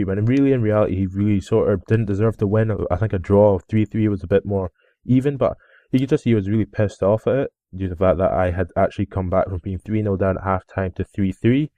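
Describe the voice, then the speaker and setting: A young man giving casual, rambling commentary over his own football game footage, with excited outbursts. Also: on the low side, no echo. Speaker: gaming video host.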